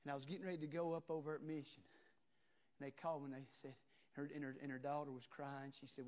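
A man preaching a revival sermon in a folksy way, swinging from shouted preaching to hushed storytelling. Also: on the high side, level tone, fast talker, muffled recording. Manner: folksy, drops into "ain't" and "you know what".

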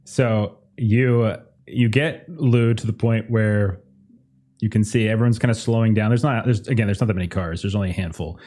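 A man with a fairly low, mellow voice narrates a tabletop game as its game master. He wanders through his descriptions, restarting phrases and filling gaps as he sets each scene. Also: steady tone, moderate pace. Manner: loose, rambling narration with many restarts.

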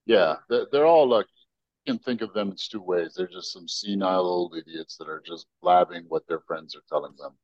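An American man, a podcast guest, telling stories and arguing his views in an animated, opinionated way. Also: deep voice, fairly quick, no echo, dull audio. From United States. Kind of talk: casual podcast interview.

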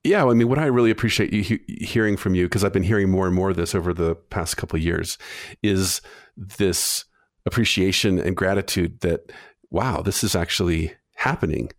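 A man hosting an interview, speaking in a thoughtful, measured way and affirming what his guest says. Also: low voice, no room sound, studio quality. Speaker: interviewer host. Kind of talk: conversational interview.

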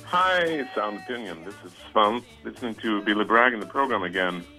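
A man's voice: fairly low pitch, expressive, fairly quick, over music. A man from Sweden, leaving a fond, reminiscing voicemail for a radio show as a caller. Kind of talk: listener voicemail.

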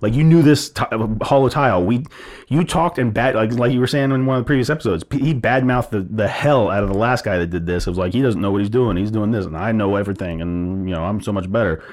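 A man's voice: lowish voice, quick pace. Rambling man telling a story. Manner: rambling, animated retelling with many restarts and "like". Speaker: podcast co-host. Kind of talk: casual storytelling chat.

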